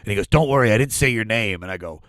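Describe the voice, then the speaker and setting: Male comedian guest, casual podcast storyteller, lively, does voices, dry close mic. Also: on the low side, rapid-fire, no room sound. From Washington D.C. area. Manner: animated storyteller, acts out voices, frequent laughs.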